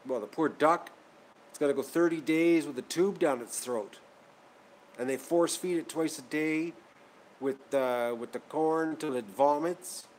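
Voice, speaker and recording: Hosting his own channel, this man chats with viewers in a slightly high voice at a measured pace. He gets worked up, rambling and going over the same points again, over slight background noise.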